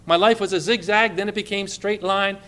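A man's voice: high-pitched, steady tone, brisk, fairly bright tone. A male pastor preaching a sermon, quoting scripture with mounting, emphatic fervor.

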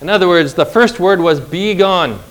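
A middle-aged man preaching a sermon, emphatic and slow, with dramatic pauses and rhetorical questions. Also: high voice, a bit bright.

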